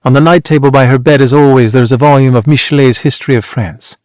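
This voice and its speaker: A man narrating an audiobook in the first person, with a measured, reflective delivery. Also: medium pitch, fairly even intonation, darkish tone, no echo, studio quality. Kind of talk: scripted narration.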